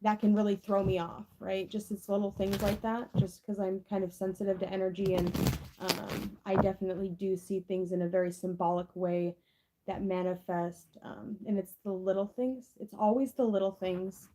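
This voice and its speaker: A woman's voice: mid-range voice, flat delivery, normal speed, background noise. Chatty, foul-mouthed woman tarot reader. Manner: chatty, profane, rambling with many fillers. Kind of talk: casual tarot reading chat.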